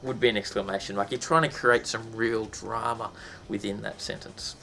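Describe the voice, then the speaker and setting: Gravelly-voiced man teaching punctuation. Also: lowish voice, steady tone, normal speed, very noisy. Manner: chatty, many ums and restarts, bursts into sound effects. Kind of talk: casual explainer lesson.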